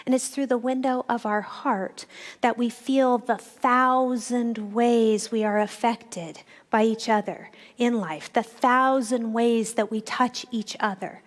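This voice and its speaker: A woman's voice: on the high side, fairly even intonation. A woman minister giving a reflective Sunday sermon that unfolds as a story. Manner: reflective, storytelling, with slowed phrases.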